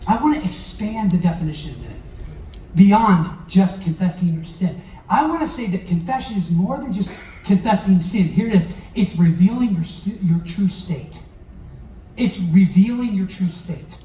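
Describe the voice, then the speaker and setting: A man's voice: sits high, warm tone, a little hiss or hum. A man preaching a sermon as pastor, talking in a conversational way and acting out quotes now and then. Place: church hall. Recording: roomy echo, heard from a distance.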